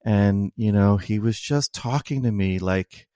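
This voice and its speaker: A middle-aged man, an oncologist, telling a personal story as an interview guest, slow and halting with many restarts. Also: fairly low pitch, warm tone, dry recording, clean studio sound. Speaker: oncologist and author.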